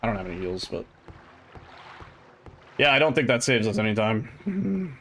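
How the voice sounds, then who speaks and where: A man's voice: mid-range voice, big pitch swings, moderate pace, long pauses, fairly bright tone, a little hiss or hum. A man chatting casually and rambling while streaming a game, now and then swearing at it. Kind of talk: casual gameplay chat.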